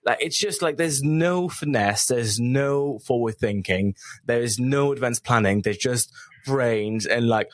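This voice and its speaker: A man's voice: mid-range voice, a little slow, dry recording. Guy ranting about strategy on a podcast, dry mic, plain middle voice. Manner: opinionated, critical. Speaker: podcast co-host. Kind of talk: casual chat.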